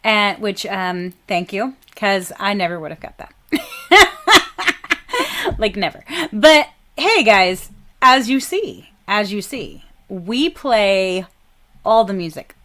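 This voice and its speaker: Woman host, laughs a lot, slow and chatty, mid pitch. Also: expressive. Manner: giggly, warm, slow with fillers. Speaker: radio show host, band member. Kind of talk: casual chat.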